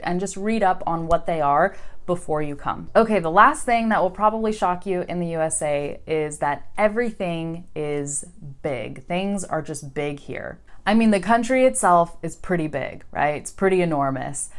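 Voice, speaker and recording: Chatty American woman teaching English. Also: mid-range voice. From United States. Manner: chatty and animated, acting out quoted voices. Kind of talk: casual video lesson to learners.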